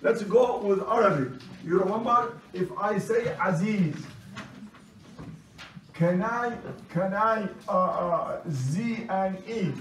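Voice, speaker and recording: A man teaching a language class, brisk and commanding, who repeats his instructions. His first language is Chaldean Aramaic. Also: high voice, a bit bright. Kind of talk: classroom lecture. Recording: roomy, distant classroom recording.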